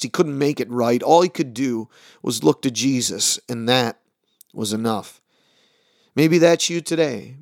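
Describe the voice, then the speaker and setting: A man who is a pastor, giving an earnest sermon summary for a podcast, slowing and dropping his voice on key words. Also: dry recording, clean studio sound. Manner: earnest, dramatic pauses, drops low on key words. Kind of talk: short recorded sermon summary.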